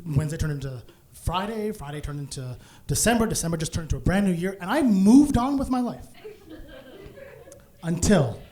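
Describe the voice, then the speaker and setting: A man doing stand-up storytelling on a comedy stage, animated and laughing through his lines. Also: high-pitched, moderate pace, long pauses.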